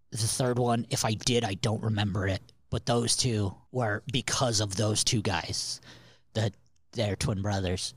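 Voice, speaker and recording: A man with a low, husky voice rambles through a party anecdote on a podcast, cursing casually as he goes. The sound is close and dry, with no room around it. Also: no echo. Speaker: podcast co-host. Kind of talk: casual storytelling chat.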